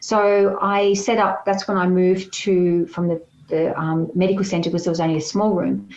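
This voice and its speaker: A woman talks warmly and at length, a healer telling her story as an interview guest. Her voice sits mid-pitch and sounds roomy, with a slightly muffled, lo-fi quality to the recording. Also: flat delivery, moderate pace. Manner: chatty, storytelling with acted quotes. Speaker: holistic healer, podcast guest. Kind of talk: casual interview chat.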